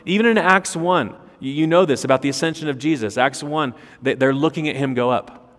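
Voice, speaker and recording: A man's voice: a little high, a little fast, fairly bright tone. A man preaching an expository sermon, emphatic, with rhetorical questions and repeated words. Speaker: pastor. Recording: long reverb of a large hall.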